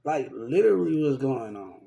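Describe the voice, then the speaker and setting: A man's voice: mid-range voice, sing-song, normal speed, vocal fry, mellow. A young man talking in a rambling, repetitive and profane way, venting about people in his life in a casual rant to camera. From Texas.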